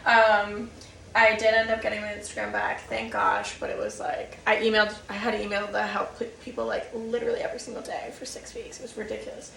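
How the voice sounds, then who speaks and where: A woman's voice: mid-range voice, animated, quick pace, vocal fry, pushed and bright, a little hiss or hum. A young woman vlogger telling a rambling, casual story about herself, full of fillers and laughing at her own mishaps. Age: young adult. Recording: echoey room, mic at a distance.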